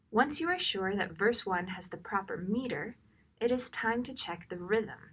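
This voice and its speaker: Slow, bright-voiced woman narrating a lesson. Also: mid-range voice, breathy edge. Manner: slow, deliberate, reads examples in stressed rhythm. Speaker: training narrator. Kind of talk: scripted instructional narration.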